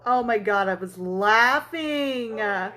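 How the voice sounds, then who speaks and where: Speaking slowly in a mid-range, expressive voice that's bright and forceful, a woman hosts a casual tumbler crafting livestream. She tells a story in a chatty way while working, answering viewers and swearing and laughing freely.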